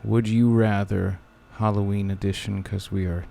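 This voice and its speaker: A man's voice: on the low side, flat delivery, moderate pace, vocal fry, warm tone, a little hiss or hum. A man co-hosting a podcast, chatting casually and rambling with lots of fillers and restarts. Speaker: podcast co-host. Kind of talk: casual chat.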